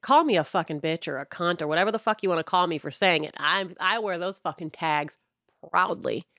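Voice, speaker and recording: A woman's voice: on the low side, a little fast, fairly bright tone, no room sound, clean studio sound. Profane, heated woman ranting. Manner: profane, blunt, heated, mocking. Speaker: podcast host. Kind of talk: ranting monologue.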